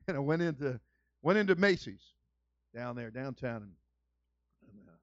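A male pastor telling folksy stories in a sermon, building to loud, shouted fervor. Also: medium pitch, lively intonation, measured pace, no room sound. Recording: muffled lo-fi dry recording.

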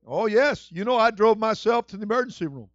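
A middle-aged male pastor preaching a sermon with passion, moving between hushed storytelling and shouted exclamations. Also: high-pitched, lively intonation, a little fast, dry recording, lo-fi sound. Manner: exclaims "whew" and "woo".

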